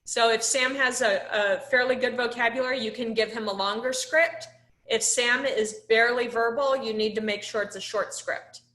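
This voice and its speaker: A woman's voice: a little high, steady tone, normal speed, a bit bright, reverberant. A woman instructor teaching a live online class over a laptop microphone. She talks in a conversational way, with many "um"s, and puts questions to the class.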